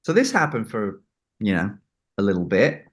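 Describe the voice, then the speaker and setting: A record producer with a fairly low, sing-song voice tells an anecdote during an interview at normal speed, acting out the people he quotes.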